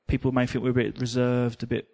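A man's voice: mid-range voice, quick pace, vocal fry. A man with an English accent preaching a sermon, telling a personal story with self-mocking humor and snatches of song. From England. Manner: lively storyteller, sings snippets, self-mocking.

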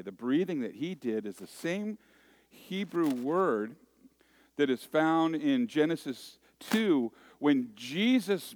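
A man's voice: fairly low pitch, no room sound. A middle-aged man preaching a sermon at a church worship service, in a folksy, joking way full of conversational asides and restarts.

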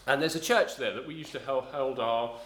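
A middle-aged man from south-east London preaches a sermon, telling a rambling personal story full of ums, restarts and self-corrections. His medium-pitched voice is a bit bright and fairly quick, and the sound is reverberant.

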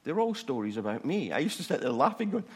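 A man telling a funny personal testimony in a sermon, animated and self-mocking. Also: a little high, quick pace, breathy edge, in a large hall. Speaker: preacher.

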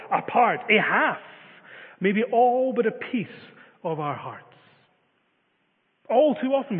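A man preaching a sermon, telling a story with many filler uhs. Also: high voice. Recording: phone-like reverberant sound.

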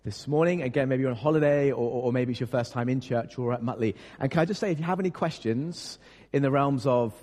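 A pastor preaches in an easy, conversational way, often stumbling over repeated words and making light of himself. His voice sits at a middle pitch. It carries a long reverb from the church around him. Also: quick pace, a little mellow. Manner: conversational, self-deprecating, with many fillers and repeated words. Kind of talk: sermon.

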